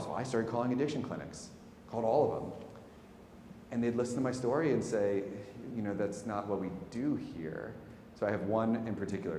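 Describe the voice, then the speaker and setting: Deep-voiced man telling a candid story. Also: a little hiss or hum. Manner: candid, animated storytelling with wry asides. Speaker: speaker. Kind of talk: public talk. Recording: echoey hall, faint ambience.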